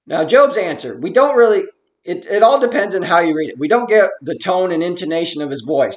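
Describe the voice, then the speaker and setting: A man teaching a Bible study in an earnest, explanatory way, reading verses slowly and then commenting on them. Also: on the high side, animated. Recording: roomy echo.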